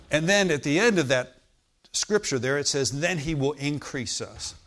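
A man with a slightly high, somewhat bright voice preaches at a moderate pace with lively intonation. The setting is a hotel meeting room, where his emphatic, repetitive sermon is punctuated by frequent "Amen?" calls for agreement.

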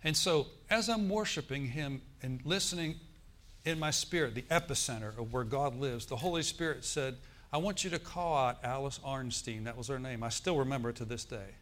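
A man's voice: mid-range voice, a little fast, a bit bright. A middle-aged male pastor preaching a sermon in a church, telling a story with emphatic bursts.

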